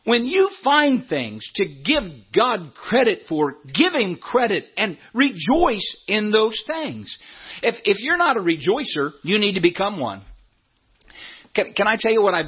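A man preaching from the pulpit in a high, husky voice that swings wildly up and down. He bursts into shouts and then sinks into low, urging talk. The recording sounds dull and lo-fi. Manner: preaching with sudden shouts and wide swings in pitch. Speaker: pastor. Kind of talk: sermon.

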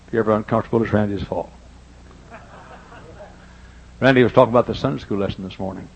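An older man preaching a sermon in church, telling personal stories and swinging between loud emphasis and hushed asides. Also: fairly low pitch, racing, gravelly, highs cut off, slight background noise. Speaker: pastor. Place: church sanctuary.

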